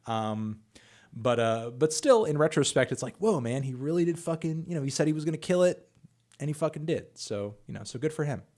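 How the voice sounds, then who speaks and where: A man's voice: mid-range voice, animated, fairly quick, a little mellow. A man who reviews music, answering viewer questions on a livestream in a loose, chatty way with lots of fillers and the odd swear word. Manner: loose and conversational, with frequent fillers and casual swearing. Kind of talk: casual livestream Q&A.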